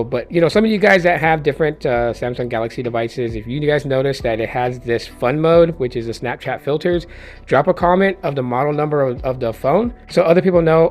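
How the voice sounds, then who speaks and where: A man casually walking through a phone software update in a rambling, conversational way, full of fillers, with a slightly hoarse voice. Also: medium pitch. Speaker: tech reviewer. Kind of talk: casual tech review vlog.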